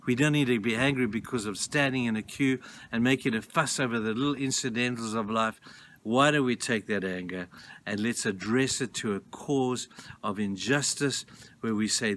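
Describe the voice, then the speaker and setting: A man's voice: medium pitch, moderate pace, a bit bright. A man pastor giving a devotional sermon, earnest and emphatic as he urges his listeners. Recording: noisy recording.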